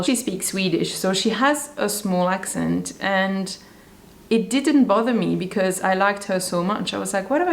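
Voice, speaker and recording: A woman with a French accent, a sewing YouTuber chatting casually and enthusiastically to camera with rambling asides. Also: fairly low pitch. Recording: roomy echo.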